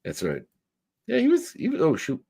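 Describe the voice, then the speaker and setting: A man's voice: fairly high pitch, wildly swooping pitch, moderate pace, vocal fry, warm tone, husky. A man hosting a casual podcast chat, rambling and correcting himself with many fillers. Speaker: podcast host.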